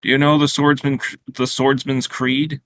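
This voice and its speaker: A man's voice: medium pitch, flat delivery, moderate pace, fairly bright tone, dry recording, pitched above the performer's own voice, natural voice. A man reading the lines of a jovial, well-traveled old grandfather in a hearty, slightly raised voice, in a story read aloud.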